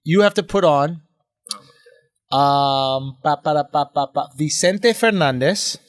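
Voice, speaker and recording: A man's voice: fairly high pitch, takes it slowly, no room sound, clean studio sound. A man hosting a podcast, chatting casually, laughing and urging the others on. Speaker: podcast host. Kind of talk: casual chat.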